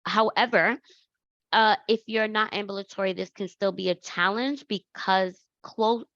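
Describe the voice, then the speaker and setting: A woman's voice: mid-range voice, fairly even intonation, a little slow, fairly bright tone, no echo, muffled recording. New woman presenting slides. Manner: conversational, with self-corrections. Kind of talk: slide presentation on accessible travel.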